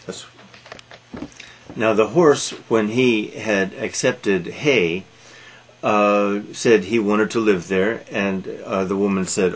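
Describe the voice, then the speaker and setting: Slow, halting male storyteller. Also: on the low side. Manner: halting, with frequent fillers. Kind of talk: read-aloud storytelling.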